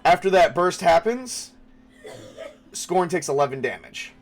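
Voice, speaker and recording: Game master, man, slightly high voice, halting, restarts a lot while narrating the fight. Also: lively intonation, soft background music. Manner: halting, thinks aloud with fillers and restarts.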